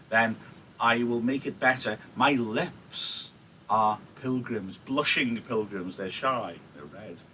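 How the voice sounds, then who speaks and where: A man's voice: mid-range voice, pushed and bright, slight background noise, poor audio. A male teacher, giving a chatty live-streamed literature lesson and checking in with "yeah?" asides. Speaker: English teacher.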